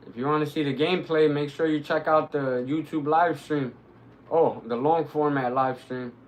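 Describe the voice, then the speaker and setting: A man streaming live, commenting on his gameplay, who bursts into excited, cursing shouts at the action. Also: a little high, moderate pace, a little hiss or hum, poor audio. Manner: excitable, swearing, shouting reactions to the game.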